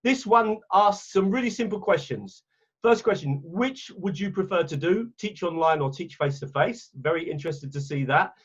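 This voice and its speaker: An English man gives a teacher training webinar over a video call. His voice sits high for a man and sounds a little husky, and the call audio is dull and lo-fi. He chats along and corrects himself as he clicks through his screen. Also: lively intonation, normal speed. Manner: chatty, self-correcting, talks while clicking around. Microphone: computer mic on a video call.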